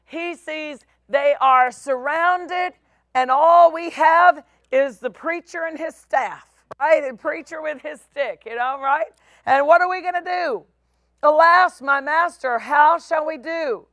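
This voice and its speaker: A middle-aged woman pastor preaching a sermon, with emphatic, drawn-out phrases and voices for the people in her stories. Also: high voice, fairly bright tone, dry recording, clean studio sound.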